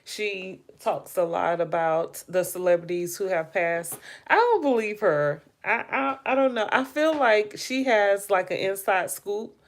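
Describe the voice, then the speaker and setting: A woman's voice: mid-range voice, expressive, measured pace, hardly any pauses. A woman hosting a casual livestream, chatting about celebrity news, musing aloud and addressing her viewers directly. She keeps yawning and sounds tired. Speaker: livestream host. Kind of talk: casual live gossip commentary.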